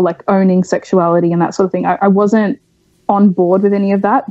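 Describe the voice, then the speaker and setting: Guest: young woman from Australia, candid interview, mellow dry voice, animated storyteller. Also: mid-range voice, dry recording, highs cut off. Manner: frank, animated storytelling with many fillers. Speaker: podcast guest.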